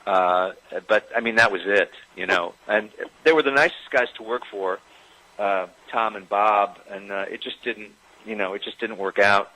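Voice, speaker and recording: Interview guest: man with a lowish, bright voice, hesitant and self-mocking, pauses often. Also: low-quality recording. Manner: hesitant, self-deprecating, many ums. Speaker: actor recalling a career. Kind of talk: casual interview anecdote.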